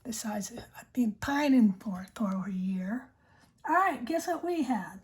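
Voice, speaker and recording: Lady pen vlogger, super breathy half-whisper, slightly high voice, rambly and chatty. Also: animated, moderate pace. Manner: chatty, rambling, many fillers and self-corrections. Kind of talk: casual show-and-tell, often whispered.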